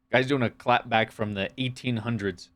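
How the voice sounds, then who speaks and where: A man's voice: mid-range voice, a bit bright. A man from the United States, streaming live and reacting to chat with sarcastic, profane, rambling rants.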